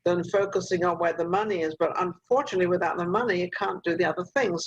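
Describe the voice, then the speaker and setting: A woman's voice: on the low side, breathy edge. An older woman hosting an interview over a video call, chatty and motherly as she hands out advice, with plenty of fillers. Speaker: talk show host. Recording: muffled video call audio.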